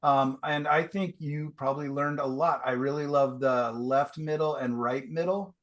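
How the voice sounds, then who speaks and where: A man's voice: fairly high pitch, steady tone, moderate pace. A man teaching a painting class, giving casual, enthusiastic feedback over a video call. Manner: casual, enthusiastic, chatty with fillers.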